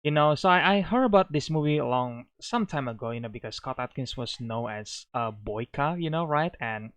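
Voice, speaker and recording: A man reviewing a film in a loose, unscripted way, rambling and filling every pause with small filler phrases. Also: medium pitch, animated, fairly bright tone, smooth, no echo. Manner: rambling, fills pauses with "you know" and "like". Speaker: movie reviewer.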